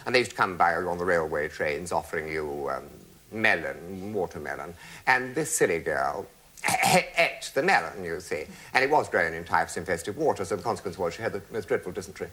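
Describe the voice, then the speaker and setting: A man's voice: deep voice, fairly quick, slightly rough. A man telling a comic anecdote to a studio audience, arch and theatrical. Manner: theatrical, arch, animated storytelling. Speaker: comic raconteur.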